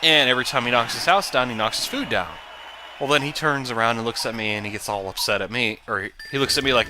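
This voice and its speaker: A man's voice: mid-range voice, quick pace. A man giving casual, rambling let's play commentary that drifts into tangents. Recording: game music behind the voice.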